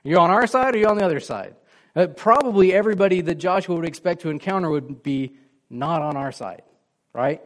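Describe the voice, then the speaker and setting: Pastor, male, slightly high voice, chatty sermon delivery with questions to the congregation. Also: lively intonation, a little fast. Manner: conversational, asks the congregation questions, acts out quoted lines.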